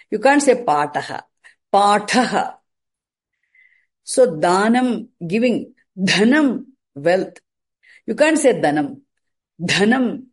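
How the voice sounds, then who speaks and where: Woman teaching a chanting lesson, slow and careful, sounds things out, kinda high voice. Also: a little mellow. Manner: deliberate, repeats and demonstrates sounds.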